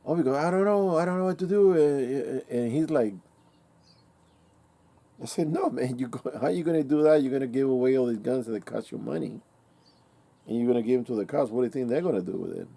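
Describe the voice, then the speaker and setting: Guy rambling through a story, lots of uhs and ums, mellow warm voice, mid pitch. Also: a little fast, creaky, long pauses, husky. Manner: rambling, with many fillers and restarts, acts out quoted dialogue. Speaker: vlogger. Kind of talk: casual storytelling to camera.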